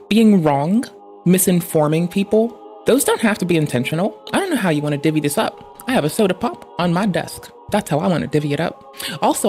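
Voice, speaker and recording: Young male streamer, fairly high voice, heated and foul-mouthed at his desk, faint music behind. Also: darkish tone. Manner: heavily profane, heated. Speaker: livestreamer. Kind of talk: ranting stream commentary.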